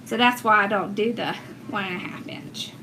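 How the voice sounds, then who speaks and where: Her voice is mid-range with a sharp tone, delivered at a normal pace against slight background noise. She's a woman casually teaching wreath making on a livestream, reading viewers' comments out loud as she works.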